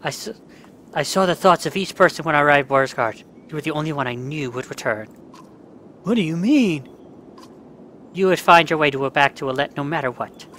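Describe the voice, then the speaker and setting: Man reading game dialogue aloud, bright tense voice, slightly high, faint hiss behind. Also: fast. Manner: reads every part in his own voice, breaks into angry outbursts at glitches. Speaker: let's play gamer.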